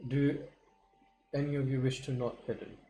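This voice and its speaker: Male player, mellow voice, courteous and a little halting. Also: medium pitch, flat delivery, a little hiss or hum, poor audio. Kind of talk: tabletop role-play.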